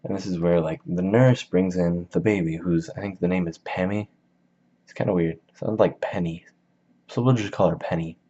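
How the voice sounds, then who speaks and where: A man's voice: sits low, steady tone, moderate pace, dark tone, husky. A man giving a casual book summary in a slangy, rambling, jokey way, in a dull lo-fi recording. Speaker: video host.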